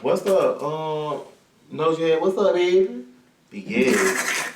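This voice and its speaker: A man's voice: fairly high pitch, very animated, extremely slow. A man hosting a casual live stream, flamboyant and sassy, calling everyone "girl". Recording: echoey room, distant mic, faint hiss.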